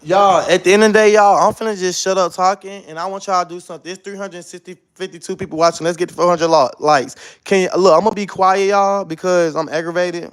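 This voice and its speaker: A high-voiced man talks into his phone on a live stream. He sounds defensive and circles back to the same points again and again. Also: fairly even intonation, fast talker, few pauses, clear, resonant tone. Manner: defensive, repeats himself. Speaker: livestreamer.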